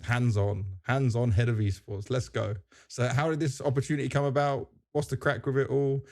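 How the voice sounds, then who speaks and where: A male podcast host chats and jokes his way through the conversation in a mellow, dark-toned voice at a middling pitch. He talks casually and keeps things moving. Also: level tone, normal speed. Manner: chatty and joking, leads the conversation.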